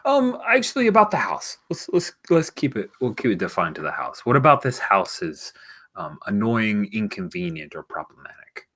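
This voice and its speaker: A man running a tabletop role-playing game, explaining the setting in an animated way and sometimes dropping to a hushed whisper. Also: fairly low pitch, moderate pace, husky. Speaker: game master.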